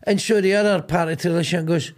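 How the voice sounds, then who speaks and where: Middle-aged Glasgow man, podcast host, rambling sweary storyteller, voice sits a touch high. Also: fairly even intonation, racing. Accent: Glaswegian Scottish. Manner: rambling, sweary storyteller acting out both sides of arguments. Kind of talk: casual comedic chat.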